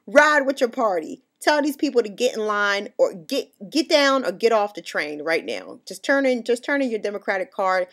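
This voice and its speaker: A woman's voice: mid-range voice, very animated, moderate pace, few pauses, fairly bright tone. An American woman talking straight to the camera, passionate and emphatic, often stumbling and restarting mid-sentence. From United States. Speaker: vlogger. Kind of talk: direct-to-camera political rant.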